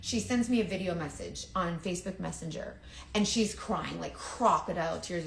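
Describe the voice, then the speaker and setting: A chatty woman tells a rambling, self-deprecating story and acts out what other people said. She speaks at an ordinary middle pitch. Her voice bounces around an echoey indoor room. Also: very animated, moderate pace, gravelly. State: sweating, overheated from layers. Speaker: makeup seller. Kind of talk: casual storytelling vlog.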